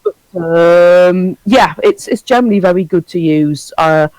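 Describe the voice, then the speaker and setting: A woman's voice: on the low side, unhurried, a little mellow, poor audio. A woman dungeon master calling in for a casual chat, chatty and self-deprecating, acting out little scenes. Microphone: call-in line.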